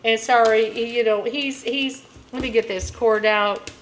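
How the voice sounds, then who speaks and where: A woman's voice: a little high, fairly even intonation, measured pace, a little hiss or hum, rough recording. Rambling woman tarot vlogger. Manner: rambling, heavy with filler phrases, blunt. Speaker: tarot reader. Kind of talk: casual rambling rant to camera.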